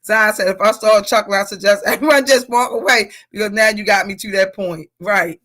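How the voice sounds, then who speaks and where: A woman's voice: mid-range voice, a little fast. A middle-aged woman leading a casual leadership workshop, reading out comments and laughing with the group. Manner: animated, laughing, talks to the group as y'all.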